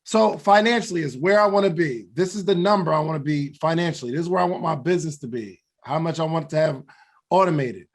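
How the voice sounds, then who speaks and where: He talks fast in a higher-pitched voice. As a podcast co-host giving motivational talk, he reflects earnestly on goals and laughs at himself from time to time.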